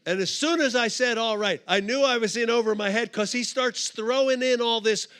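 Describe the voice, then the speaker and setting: A man giving a storytelling sermon at a live conference, animated and comic, acting out the people in his story. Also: very high voice, moderate pace, clear, resonant tone. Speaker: conference speaker. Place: live conference stage before an audience.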